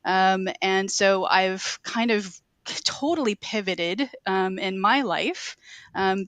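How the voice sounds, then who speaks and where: A woman's voice: mid-range voice, fairly bright tone, no echo. A woman guest answering interview questions earnestly, with many ums and you-knows. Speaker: guest, publishing CEO.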